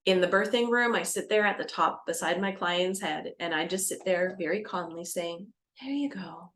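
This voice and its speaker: A woman doula explaining birth practice to camera, lively and expressive, acting out scenes and dropping into a soft calm voice. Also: lowish voice, normal speed, slight background noise. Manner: animated, acts out scenes with gasps and shifts to a soft calming voice. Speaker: doula educator. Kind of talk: educational talk to camera.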